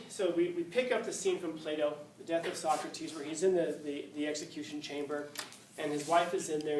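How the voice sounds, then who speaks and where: A male teacher telling a story in a casual, joking lecture, with slang and quick asides. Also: a little high, darkish tone. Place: classroom. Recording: echoey classroom, far mic, faint hiss.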